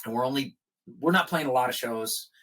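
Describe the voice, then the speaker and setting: A man's voice: medium pitch, a little fast, slight background noise. A middle-aged man, a guest musician, telling casual stories on a podcast and animatedly acting out the people in them. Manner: animated, acts out quoted people in a raised voice. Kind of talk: casual storytelling in a podcast interview.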